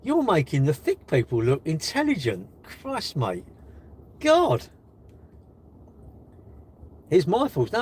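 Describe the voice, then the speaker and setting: Sitting in his car as it charges, a British man on a live stream reads out viewer comments and fires back sarcastic, mocking retorts. His voice is husky, medium in pitch, and darkish in tone.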